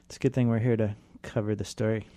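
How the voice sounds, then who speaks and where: A man's voice: fairly low pitch, flat delivery, fast, dark tone, dry recording. A man co-hosting a radio show, hesitant with many fillers and making dry quips. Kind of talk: casual radio banter.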